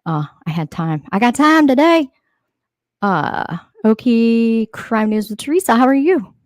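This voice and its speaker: A woman's voice: a little high, lively intonation, no room sound, clean studio sound. A woman hosting a casual livestream, greeting chat viewers one by one in a friendly, chatty way. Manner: friendly, chatty, rapid shout-outs. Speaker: livestream host.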